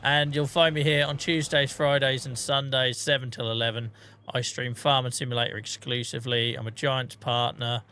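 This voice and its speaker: A man in his forties talks casually to his livestream chat. His voice is bright and forward, and his manner is self-mocking and jokey, with light swearing as he plays. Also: medium pitch, level tone, normal speed, clean tone. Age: 40s.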